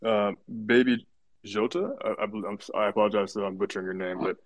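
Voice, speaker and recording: A man's voice: fairly low pitch, fairly even intonation, fairly quick, no echo. A man moderating a casual online artist chat, talking in a hesitant, filler-heavy and appreciative way.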